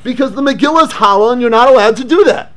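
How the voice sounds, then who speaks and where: A man giving a lively Torah lecture, asking rhetorical questions and mixing English with Hebrew and Yiddish terms. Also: very high voice, quick pace. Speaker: rabbi teaching Torah class.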